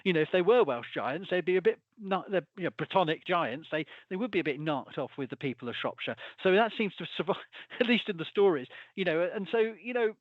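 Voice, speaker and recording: A man who is a folklorist rambles as a guest in a casual conversation, restarting sentences and chuckling through asides. His voice is high-pitched with lively intonation and a brisk pace, captured on a dull, dry recording.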